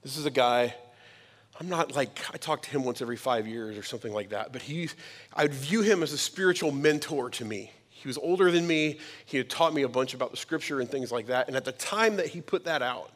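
A man in his thirties preaching a sermon as a pastor, emphatic and conversational, with quick asides to the congregation. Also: mid-range voice, a bit bright. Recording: long hall reverb.

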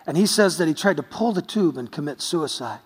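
A man's voice: a little high, lively intonation, a little fast, husky, big-room sound. A man preaching a sermon as pastor, telling stories earnestly with touches of light humor.

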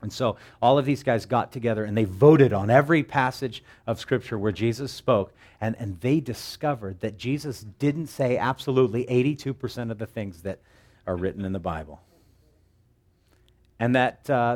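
A pastor preaches with lots of energy and humor, his voice sitting at an ordinary middle pitch. He jumps into little impressions of the people he talks about, then drops back into plain conversational preaching. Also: normal speed. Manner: animated, jokey, acts out quoted voices. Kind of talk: sermon.

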